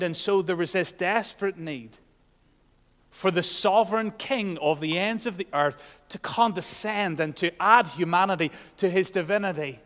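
A man preaching a sermon, earnest, swinging from loud proclamation to soft, hushed asides. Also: sits high, normal speed, long reverb tail.

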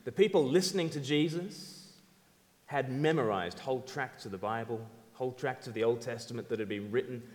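A man preaching a sermon in a lively, conversational way, asking the audience questions. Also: mid-range voice, moderate pace. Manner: animated, conversational, audience-engaging. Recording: reverberant hall.

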